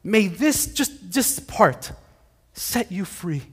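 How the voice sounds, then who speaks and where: A male pastor preaching a conversational sermon, animated, with frequent restarts. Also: high-pitched, slow pace, breathy edge. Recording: hall reverb.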